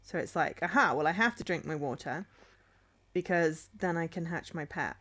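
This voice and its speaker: A woman's voice: low-pitched, normal speed, a bit bright. A young woman streaming a game, chatting playfully and giggling at her finds. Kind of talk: casual game stream commentary.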